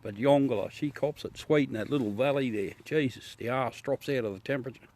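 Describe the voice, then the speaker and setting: A man's voice: medium pitch, brisk, a little mellow. An Australian man hosting a livestream, chatting casually with viewers in a blunt, ranty way and swearing freely. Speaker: livestream host. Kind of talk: casual chat with live viewers.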